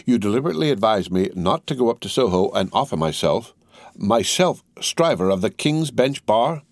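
A man voicing a pompous, blustering barrister who talks in a loud, indignant, hectoring way. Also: lowish voice, sing-song, normal speed, dry recording, pitched above the performer's own voice. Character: blustering, pompous male barrister, self-assured.

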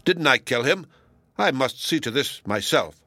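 A man voicing a jealous, violent villager who makes loud threats. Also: mid-range voice, animated, a little slow, no echo, heavily acted. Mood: threatening.

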